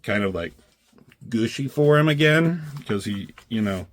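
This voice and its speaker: A man's voice: on the low side, lively intonation, unhurried, slight background noise. A man reviewing comic strips in a casual, rambling chat, swearing freely and acting out characters' lines in raised voices.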